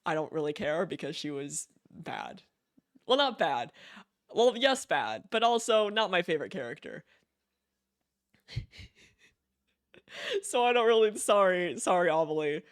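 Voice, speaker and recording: A man's voice: high voice, very animated, a little slow, long pauses, dry recording, studio quality. A man live-streaming a video game, chatting casually in a gushing, giggly way and repeating himself.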